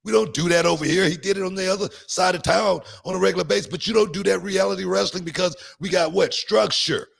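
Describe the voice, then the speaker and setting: Gravelly, emphatic male podcast host. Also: high voice, steady tone, fast talker, few pauses. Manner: emphatic, repeats phrases for stress. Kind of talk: casual podcast chat.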